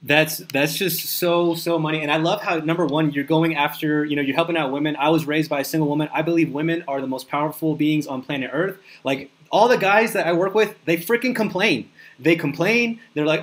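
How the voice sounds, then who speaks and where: A man's voice: a little high, brisk, few pauses. A man hosting a casual business podcast, hyped and slangy, acting out little voices of people he mentions. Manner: hype, slangy, animated impressions. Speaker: podcast host.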